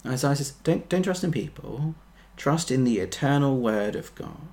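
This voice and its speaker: A man preaching a sermon, earnest, building to emphatic peaks and then dropping soft. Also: medium pitch, animated, moderate pace.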